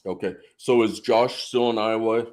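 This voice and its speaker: Low-voiced guy co-hosting a podcast, easygoing chatter, repeats stuff a lot. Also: fairly even intonation, moderate pace, a little mellow. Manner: chatty, frequent yeahs and repeats. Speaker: podcast co-host. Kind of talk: casual podcast chat.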